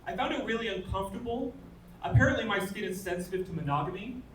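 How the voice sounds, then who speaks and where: A man's voice: sits high, lively intonation, fast, heavy background noise. A man, doing a stand-up comedy set with dry, self-deprecating punchlines. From England. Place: comedy club stage. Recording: roomy club sound from a distance. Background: audience laughter.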